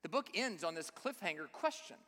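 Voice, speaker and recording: A man's voice: sits high, very animated, fairly quick, bright, forceful tone. A man preaching a sermon, speaking emphatically and often putting rhetorical questions to his listeners. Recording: long reverb of a large hall.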